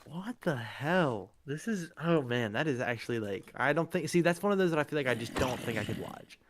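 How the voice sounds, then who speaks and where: A man's voice: medium pitch, animated, a little fast, background noise. A man hosting a live stream, chatting casually while gaming, rambling with lots of fillers and laughter.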